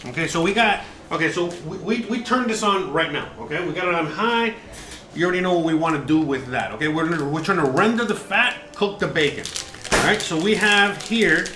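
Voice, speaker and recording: A man's voice: a little high, lively intonation, a little fast. A man hosting a casual live cooking demo, chatty and easily distracted as he talks while he works in his home kitchen. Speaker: cooking show host. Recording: roomy echo, mic far off, background noise.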